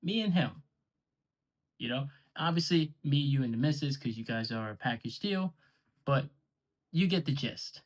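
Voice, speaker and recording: A man's voice: medium pitch, normal speed. A man delivering a confrontational, sarcastic and profane callout rant to the camera about a league he runs. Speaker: online league owner.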